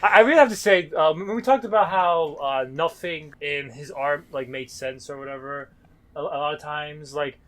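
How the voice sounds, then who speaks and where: High-pitched, blunt, swearing podcast guy. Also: normal speed. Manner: blunt, swears, laughs often, stumbling restarts. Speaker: podcast co-host. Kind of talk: casual chat.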